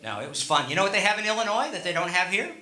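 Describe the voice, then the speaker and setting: Bright-voiced middle-aged male comic. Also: sits high, sing-song, racing. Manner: rambling and conversational, teasing the audience. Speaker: stand-up comedian. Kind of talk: stand-up comedy set. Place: comedy stage. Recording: echoey live room.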